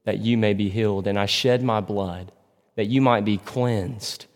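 A man preaching a sermon as a pastor, earnest and slowing down to press key points. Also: on the low side, steady tone. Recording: long hall reverb.

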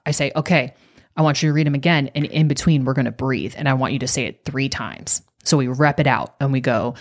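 A woman coach talking on a podcast, guiding listeners through an exercise and telling a story from a workshop in an animated way. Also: rumbling low, a little fast. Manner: animated, acts out quoted voices.

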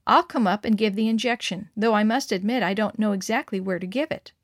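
A woman's voice: medium pitch, brisk, dry recording, studio quality, lightly acted. A woman voicing a flustered, practical nurse and wife in a read-aloud story.

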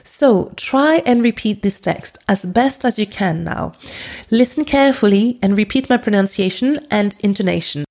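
A woman's voice: mid-range voice, animated, a little mellow. French-accented woman teaching a podcast lesson. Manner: clear, deliberate teaching delivery.

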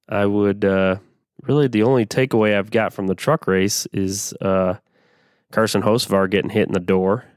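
A middle-aged man hosts a solo podcast in an unhurried, laid-back drawl, his voice a bit raspy from allergies. His pitch sits low, and the sound is dry and close. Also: dry recording. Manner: laid-back, conversational, frequent fillers. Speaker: podcast host. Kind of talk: casual solo podcast commentary.

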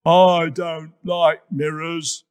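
A man's voice: mid-range voice, lively intonation, darkish tone, no echo. Man playing a vain grumpy hippo. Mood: indignant. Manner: sulky, indignant, slow and emphatic. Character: vain grumpy male hippopotamus, touchy and proud. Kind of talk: children's storybook reading.

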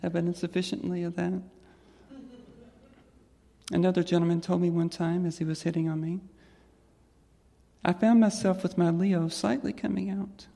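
Gravelly, husky trans woman telling a story. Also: lowish voice, little pitch movement, moderate pace, long pauses. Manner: reflective and gentle, with soft laughs. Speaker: storyteller on stage. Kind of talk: personal story told to an audience. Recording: long hall reverb.

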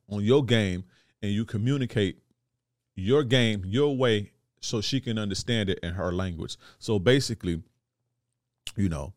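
A man's voice: fairly low pitch, measured pace, no room sound, studio quality. A man hosting a podcast, talking to listeners in a blunt, slangy, profane monologue and often asking if they follow. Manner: blunt, repeats "you see what I'm saying". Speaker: podcast host.

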